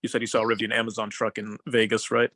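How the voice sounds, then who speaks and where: Quick-talking man asking questions. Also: on the low side, little pitch movement, a crowd in the background. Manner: curious, asks short questions. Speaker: meeting participant. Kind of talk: casual chat.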